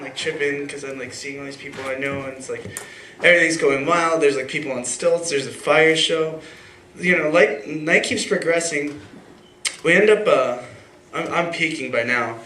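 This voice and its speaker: A man's voice: mid-range voice, pushed and bright, a little hiss or hum. A young man telling a personal story live on stage at a story slam, casual and rambling, full of fillers and restarts. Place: live event venue with audience. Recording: echoey room with faint ambience.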